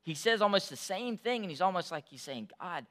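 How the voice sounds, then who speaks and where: Man, pastor, sermon, bright tone, fairly high voice, casual then emphatic. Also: animated, a little fast. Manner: conversational preaching, rising to loud emphatic peaks.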